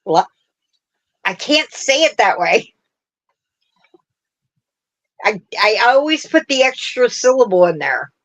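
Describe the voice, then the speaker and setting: Woman hosting a craft stream, chatty and rambly, laughs a lot, talks nice and slow. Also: fairly high pitch, sing-song, low-quality recording. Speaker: craft show host. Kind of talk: casual livestream chat.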